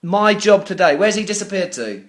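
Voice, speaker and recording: A man's voice: high-pitched, big pitch swings, moderate pace. A British man making an angry complaint on a phone call to customer service, ranting sarcastically, swearing and stammering over repeated words. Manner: swears often. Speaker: business owner calling customer service.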